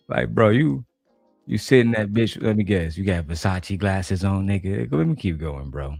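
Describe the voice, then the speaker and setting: A man from Detroit is streaming and reacting, talking bluntly and swearing often. His voice is deep and sounds close and dry. Faint music sits far behind him. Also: animated, unhurried, creaky, darkish tone, dry recording. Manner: blunt, profane, ranting.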